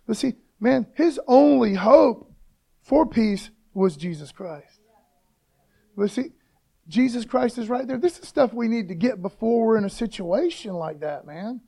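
A man's voice: extremely high pitch, lively intonation, measured pace, vocal fry, dark tone. A man preaching an informal devotional talk, fired up and casual, calling listeners "man" again and again.

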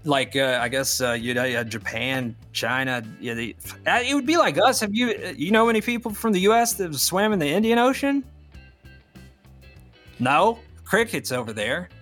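A man chatting on a casual podcast, his voice bright and forward. He rambles through fillers and restarts, teasing his co-host, with faint music under the talk. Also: on the high side, lively intonation, normal speed.

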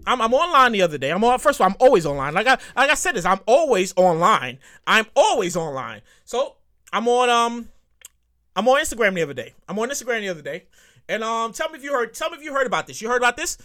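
A woman hosts her own show, ranting in a loud, profane, comedic way. Her voice sits high and bright and swoops widely in pitch. She repeats her lines for emphasis and talks to her listeners directly. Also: big pitch swings, fast. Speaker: podcast host. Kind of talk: solo comedic rant.

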